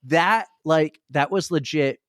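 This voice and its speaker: A man co-hosting a podcast in casual chat, telling a story and acting out the quotes with big jumps in pitch. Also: slow, fairly bright tone, no room sound, clean studio sound. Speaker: podcast co-host.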